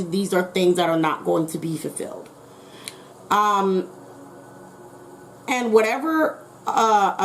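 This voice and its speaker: A woman's voice: medium pitch, a little hiss or hum, low-quality recording. A woman giving a casual tarot reading, talking in a rambling way, repeating herself and correcting her words as she goes. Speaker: tarot reader.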